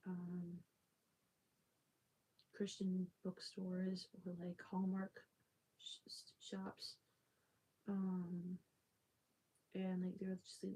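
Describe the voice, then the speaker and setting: Female livestream host, low and mellow, unhurried, rambling and soft-spoken, with frequent fillers and restarts. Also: creaky, husky, rough recording. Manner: rambling, many fillers and self-corrections; soft-spoken, drifts into near-whispers. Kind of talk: casual storytelling.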